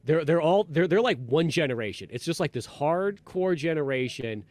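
Podcast host, male, slightly higher pitch, rambling casual storyteller, dry sound. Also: normal speed, no echo. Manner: rambling, animated, acts out quotes in raised voices.

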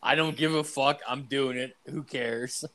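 A man's voice: medium pitch, fairly even intonation, unhurried, pushed and bright. A young man, co-hosting a podcast and telling a rambling, profane story full of "like". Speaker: podcast co-host. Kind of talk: casual podcast chat.

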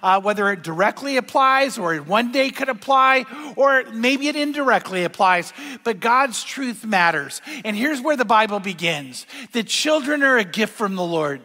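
An older male pastor preaches in a bright, high voice that rings through a large hall. He tells stories and turns to the congregation with questions, and a long reverb trails every phrase. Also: lively intonation, normal speed, few pauses. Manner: storytelling, asks the audience questions. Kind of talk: sermon.

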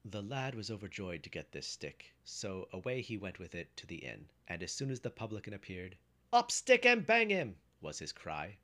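A man with a very deep voice reads an old folk tale aloud. His delivery is measured and steady, the manner of a practiced storyteller. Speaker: narrator.

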